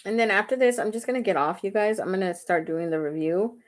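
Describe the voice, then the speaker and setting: A woman's voice: mid-range voice, fast. Chatty woman hosting a livestream, mid-range voice, loose and rambling, keeps checking in with viewers. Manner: chatty and rambling, laughs often; talks straight to viewers, asking "right?" and "okay?". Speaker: beauty vlogger hosting a livestream. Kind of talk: casual chat during a live makeup tutorial.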